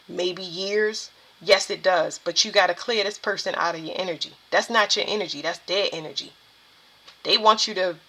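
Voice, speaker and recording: A woman's voice: medium pitch, sharp tone. A woman doing a tarot reading, talking to viewers in an emphatic, preachy way. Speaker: spiritual tarot reader.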